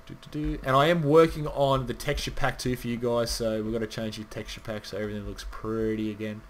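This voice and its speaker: A man's voice: medium pitch, little pitch movement, brisk, slight background noise. A man rambling casually through gameplay commentary, swearing now and then and chatting straight to his viewers. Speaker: gaming channel host.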